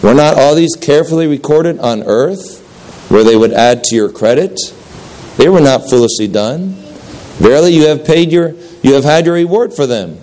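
A man voicing a solemn heavenly gatekeeper who speaks in a low, distinct, calm and measured way. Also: natural voice, low-quality recording. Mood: stern. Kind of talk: dramatic reading of a story.

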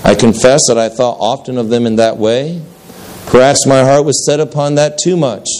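A man's voice: mid-range voice, steady tone, moderate pace, darkish tone, natural voice. A man voicing a proud, indignant older man who stammers out earnest protests about his good deeds during a story reading. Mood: confessing.

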